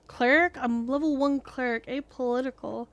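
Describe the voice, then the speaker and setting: A woman's voice: on the high side, steady tone, moderate pace, a bit bright, no room sound, highs cut off. A young woman streaming a story game, reading the dialogue aloud with sarcastic asides and casual swearing.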